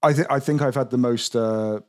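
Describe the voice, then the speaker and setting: A man's voice: medium pitch, fairly quick, a little mellow. A man with a southern English accent hosting a gaming podcast, chatting and reading out listener messages. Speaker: podcast host. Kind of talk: casual chat.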